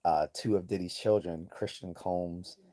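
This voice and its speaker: A man's voice: low voice, fairly even intonation, a little slow, mellow. A man hosting a livestream, giving blunt, profane, rambling commentary and reading chat messages aloud. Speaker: livestream host.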